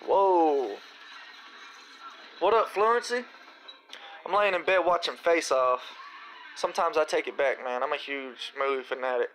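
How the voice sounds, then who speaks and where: A man's voice: medium pitch, brisk, low-quality recording. A young man hosting a live Q&A, talking casually and with slang about his own raps. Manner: relaxed, slangy, reciting his own rap lines. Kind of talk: casual livestream chat.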